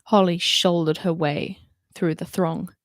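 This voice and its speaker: A woman's voice: fairly low pitch, fairly even intonation, unhurried, no echo, studio quality. A woman reading a novel aloud and doing voices for the characters, with chatty asides between passages. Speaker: reader.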